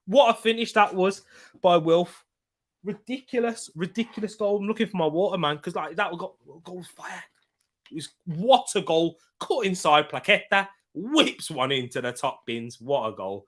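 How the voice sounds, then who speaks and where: A young man commentating casually on a live football stream. His voice sits a touch high and rings bright and forceful. He chats along at ease, then breaks into loud, excited shouting at big moments. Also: measured pace. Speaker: football watchalong host. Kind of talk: live match commentary and chat.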